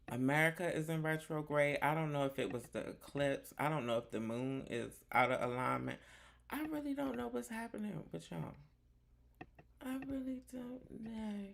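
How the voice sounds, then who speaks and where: Sassy gravelly-voiced male host. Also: on the high side, a little hiss or hum. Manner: flamboyant, sassy, with lots of "honey" and "child"; talks to the chat. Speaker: livestream news host. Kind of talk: chatty live commentary.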